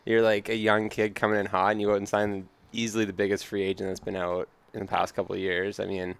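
Low, smooth-voiced man. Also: completely flat delivery, quick pace. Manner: wry, joking asides. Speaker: podcast co-host. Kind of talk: casual sports chat.

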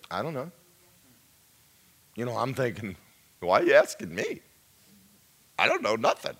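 A man delivers a sermon testimony. His voice swings widely in pitch, rising to loud high cries and sinking to near whispers. His tone sits at a middle pitch between those peaks. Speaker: preacher.

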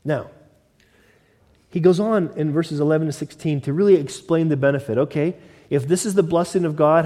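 Male pastor, conversational sermon, mellow tone, long hall reverb. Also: on the high side. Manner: conversational preaching with mock quoted voices.

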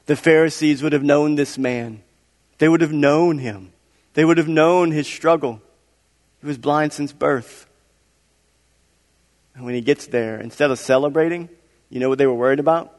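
A man's voice: on the high side, moderate pace, long pauses. A man preaching a sermon, reading scripture aloud and breaking off with conversational asides and rhetorical questions. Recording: long hall reverb.

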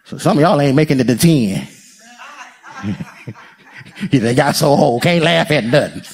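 A man preaching a sermon as pastor, playful and lively, laughing often and talking straight to the congregation. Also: mid-range voice, a little slow, slightly rough.

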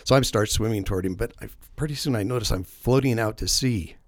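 A man with a fairly low voice hosts a relaxed podcast chat about faith. He tells long, self-deprecating stories, full of fillers and restarts. His voice is close and dry, with no room sound. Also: quick pace, dry recording. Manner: rambling, self-deprecating storyteller. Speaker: podcast host. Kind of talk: casual faith-based podcast conversation.

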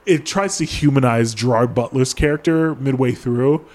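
A man's voice: mid-range voice, normal speed, darkish tone. A young man in casual podcast chat, talking in a loose, profane way. He hosts the show and fills his talk with "like". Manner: casual, profane, lots of "like" fillers. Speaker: podcast host.

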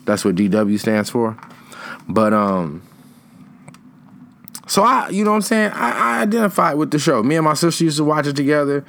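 A man's voice: on the high side, very animated, moderate pace, creaky, long pauses, fairly bright tone, a little hiss or hum. A young man chatting casually in a rambling, slangy way, trailing off and restarting his thoughts. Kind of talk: casual chat.

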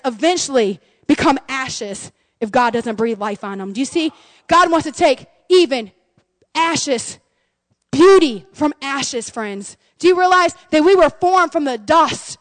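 A middle-aged woman pastor preaching an impassioned sermon, swinging between loud cries and hushed, intimate tones. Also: high voice, expressive, a little slow, no room sound.

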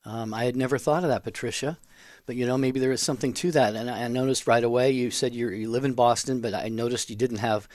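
A man co-hosting a talk radio show, asking a caller measured, curious questions. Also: mid-range voice, fairly even intonation, darkish tone, no echo. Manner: measured, inquisitive. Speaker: radio co-host.

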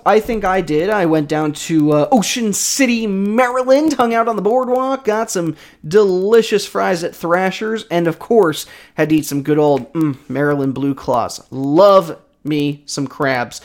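A young man hosting a casual solo sports podcast. He is hyped and joking, swings a lot in pitch and loudness, and keeps throwing in self-mocking asides. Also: moderate pace, few pauses.

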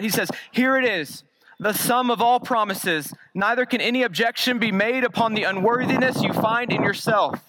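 A man's voice: sits high, moderate pace, noisy background. A man preaching a sermon as a pastor, earnest and emphatic, repeating key phrases for weight.

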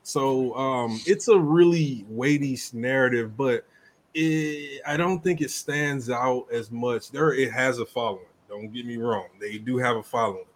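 A man in casual podcast chat with a middle-pitched voice. He talks emphatically, and his pitch leaps up sharply whenever he drives a point home. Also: unhurried. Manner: animated, emphatic, jumps up in pitch to stress points.

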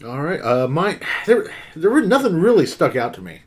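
A man's voice: fairly high pitch, sing-song, normal speed. A man co-hosting a casual movie podcast, stammering on restarts and swearing. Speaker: podcast co-host. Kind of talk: casual movie review chat.

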